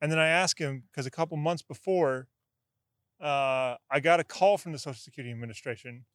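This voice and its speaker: A young male podcast host tells a story casually, swearing freely and getting animated. His voice sits fairly high. The sound is dry and close. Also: fairly quick, no echo. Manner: animated, profane, swings into excited shouts.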